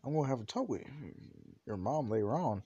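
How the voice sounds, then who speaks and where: A man's voice: mid-range voice, lively intonation, a little fast, dark tone, slightly rough, muffled recording. A man voicing a brash, joking father figure who defends his son in a storybook fan tale. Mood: protective.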